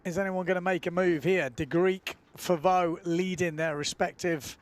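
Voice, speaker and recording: A man commentating live on a windsurfing event in a relaxed, chatty way, often filling pauses with "uh". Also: high voice.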